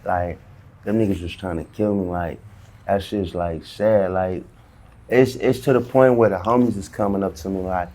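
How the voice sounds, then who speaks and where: A man's voice: low voice, steady tone, moderate pace, dark tone. A man in a casual interview, telling a story heavy with slang and acting out the dialogue himself. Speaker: interview guest.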